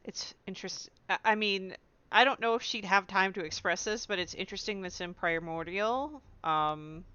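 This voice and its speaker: A woman playing in a tabletop game, asking quick eager questions. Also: mid-range voice, bright, forceful tone, smooth, no echo, highs cut off. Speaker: player. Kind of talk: casual tabletop play.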